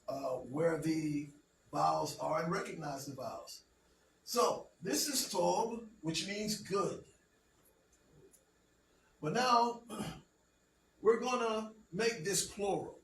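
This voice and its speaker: A man teaching a class, talking patiently and checking understanding with frequent "okay?". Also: sits high. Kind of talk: classroom language lesson. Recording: roomy, distant, faint background noise.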